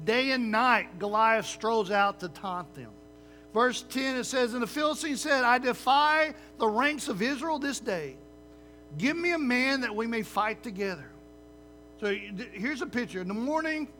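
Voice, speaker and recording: A man preaching a sermon in a lively, conversational way, often checking in with the listeners with "right?" and using sports comparisons. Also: high voice, a little hiss or hum. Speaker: pastor.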